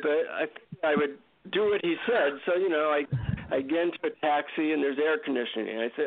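A man, a guest author, tells an animated, self-mocking anecdote in an interview over a tinny phone line. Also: on the high side, fairly quick. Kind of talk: storytelling in an interview.

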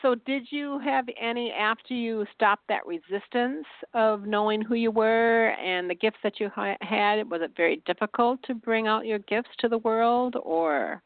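A woman hosting a casual interview, enthusiastic and quick to answer with wows. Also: fairly high pitch, no room sound. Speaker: podcast host. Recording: tinny phone-like line, dry.

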